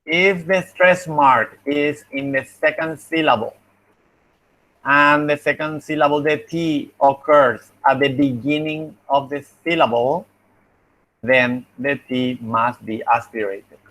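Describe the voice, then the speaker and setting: A man's voice: a little high, fairly even intonation, takes it slowly, fairly bright tone, low-quality recording. A young adult man with a Spanish accent, a phonetics teacher giving class feedback, explaining patiently and repeating examples.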